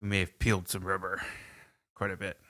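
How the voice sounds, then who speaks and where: A man's voice: sits low, completely flat delivery, fairly quick, sharp tone. A man co-hosting a podcast in casual chat, playful and sometimes mock-formal. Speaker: podcast co-host.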